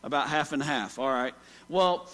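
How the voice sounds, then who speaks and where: A man's voice: medium pitch, moderate pace, fairly bright tone. A pastor preaching a folksy story-filled sermon, asking the congregation questions as he goes. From Oklahoma. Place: church sanctuary. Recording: long hall reverb.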